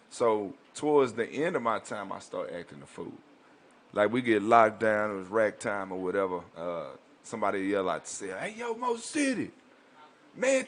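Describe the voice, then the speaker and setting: Laid-back low-voiced male comedian. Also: fairly bright tone. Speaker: guest comedian. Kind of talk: casual storytelling. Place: radio studio.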